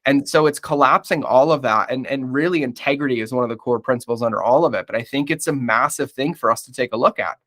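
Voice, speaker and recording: A man's voice: medium pitch, quick pace, few pauses, a bit bright. A man talking candidly as a podcast guest, blunt and emphatic, swearing often and calling the listener "bro".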